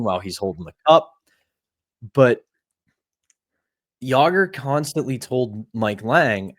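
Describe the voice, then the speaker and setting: A man's voice: fairly low pitch, a little slow, no room sound, clean studio sound. A man from Pittsburgh co-hosting a sports podcast, telling an anecdote in a casual, storytelling way. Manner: storytelling, animated retelling of anecdotes. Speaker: podcast co-host.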